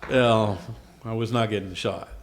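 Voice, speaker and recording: A man's voice: fairly low pitch, fairly even intonation, moderate pace. A man chiming in on his wife's church testimony with brief, matter-of-fact remarks. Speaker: husband joining a church testimony. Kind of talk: conversational testimony.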